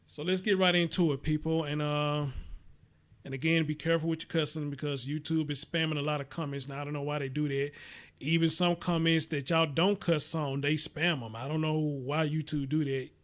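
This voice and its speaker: A man's voice: on the high side, fairly even intonation, a little fast. A Southern-accented man hosting a casual livestream, reading an article aloud and talking bluntly and profanely to his chat. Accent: Southern American. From American South. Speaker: host.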